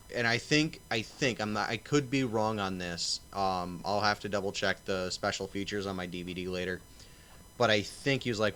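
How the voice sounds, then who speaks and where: A man's voice: fairly low pitch, moderate pace, fairly bright tone, clear, resonant tone. A man co-hosting a casual chat, rambling through anecdotes and retelling stories in quoted voices. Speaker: podcast co-host.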